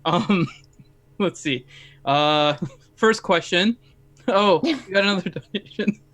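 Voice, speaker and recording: A man's voice: high-pitched, slow pace, a bit bright. A man co-hosting a casual live stream, joking and laughing often while reading viewer questions. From Indian descent. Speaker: co-host.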